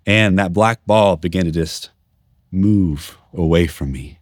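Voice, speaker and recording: A man's voice: deep voice, takes it slowly, dry recording, studio quality. A man earnestly and candidly telling his personal faith testimony in a church. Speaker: testimony speaker.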